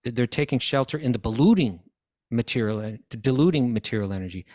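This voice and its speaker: A man's voice: mid-range voice, animated, fast talker, a little mellow, no room sound, clean studio sound. A man teaching scripture in a question-and-answer talk, quoting Sanskrit verses, translating them and often restarting his phrases.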